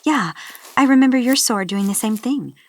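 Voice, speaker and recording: A woman's voice: on the high side, lively intonation, moderate pace, a little hiss or hum, pitched above the performer's own voice. A woman voicing a spirited, curious young woman.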